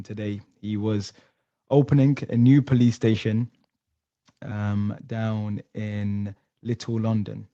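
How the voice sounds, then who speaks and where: A man's voice: lowish voice, warm tone, no room sound. A man hosting a live-stream talk show, chatty, talking straight to his chat. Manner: chatty, addresses the chat directly. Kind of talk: casual live-stream commentary. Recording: dull lo-fi, dry.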